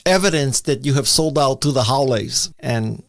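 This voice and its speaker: An older man from Hawaii telling stories with a chuckle as the guest in a relaxed interview. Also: mid-range voice, normal speed, creaky, no room sound, clean studio sound. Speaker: podcast host, interviewed guest. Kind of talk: casual interview conversation.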